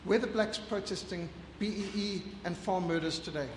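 A man's voice: high-pitched, brisk, a little hiss or hum. A man giving an impassioned lecture over slides, firing off rhetorical questions and emphatic lists. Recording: echoey hall with long reverb.

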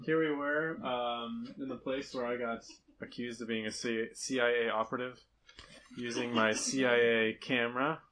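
A man's voice: mid-range voice, moderate pace, a little hiss or hum, poor audio. Laughing man telling mission stories. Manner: storytelling, animated, laughs often. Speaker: mission trip speaker. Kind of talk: casual slideshow talk to a church group.

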